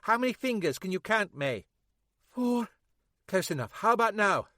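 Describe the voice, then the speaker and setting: A woman's voice: medium pitch, sing-song, no echo, studio quality, voice pushed up. A man voicing an impatient, swearing female detective sergeant in an audiobook. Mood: urgent. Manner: sharp, swearing, quick-tempered. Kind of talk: audiobook character voice.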